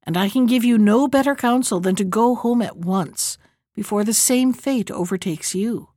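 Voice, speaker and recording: A woman voicing a captive, wily old woman at a mill in a storybook reading, with a gentle, coaxing manner. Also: a little high, normal speed, no room sound, clean studio sound, natural voice.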